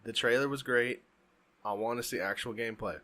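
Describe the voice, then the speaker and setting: A man's voice: medium pitch, a little fast, sharp tone. A man co-hosting a podcast in casual chat, talking emphatically and ranting with strong opinions. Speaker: podcast co-host.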